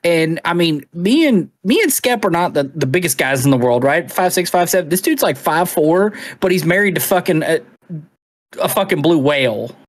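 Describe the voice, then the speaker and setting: A man's voice: on the high side, animated, moderate pace, dry recording. A man who is a police officer, telling a call story in casual podcast chat, profane and acting out the dialogue.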